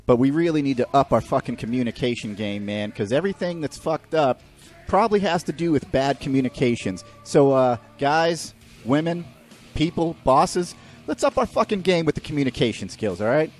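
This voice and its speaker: A man's voice: mid-range voice, animated, moderate pace, darkish tone, faint music behind. A man hosting a podcast, ranting profanely and mocking people in put-on voices. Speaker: podcast host. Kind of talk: ranting comedic monologue.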